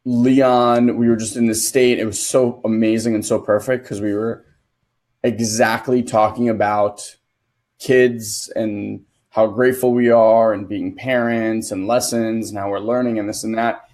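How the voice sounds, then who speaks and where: Male co-host and dad, lowish voice, earnest storyteller, casual podcast. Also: flat delivery, unhurried, a little mellow. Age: adult, a father. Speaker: co-host and transformation coach.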